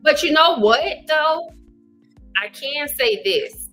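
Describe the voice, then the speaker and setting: Woman host from Arkansas, folksy and animated, bright tone; live chat with viewers. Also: high voice, slow pace, soft background music. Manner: chatty, reads viewer comments aloud; animated, folksy, says y'all. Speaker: livestream host. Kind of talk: casual livestream chat.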